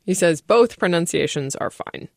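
A woman radio reporter narrating a news feature in a brisk, wry way. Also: on the low side, lively intonation, darkish tone, no room sound, clean studio sound.

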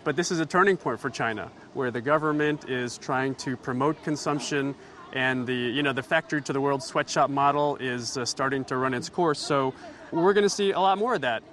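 A man's voice: medium pitch, fairly quick, fairly bright tone, a little hiss or hum. Wry man reporting outdoors. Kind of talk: on-location radio report. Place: outdoors at a busy expo.

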